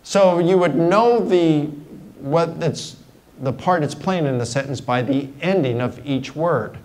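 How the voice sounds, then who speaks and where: The speaker is a middle-aged man giving a relaxed, conversational guest lecture in a university lecture hall, illustrating ideas with simple examples. His voice is on the high side and a little mellow, his pace a little slow, and the audio quality is low.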